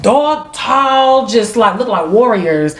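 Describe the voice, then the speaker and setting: A woman's voice: on the high side, lively intonation, takes it slowly. A woman co-hosting a podcast, chatting playfully with frequent laughter. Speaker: podcast co-host. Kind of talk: casual chat.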